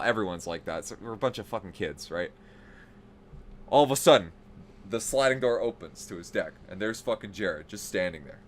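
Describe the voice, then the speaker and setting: A man telling a story on a podcast in casual, profane style, growing animated as it builds. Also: sits low, normal speed. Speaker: podcast host.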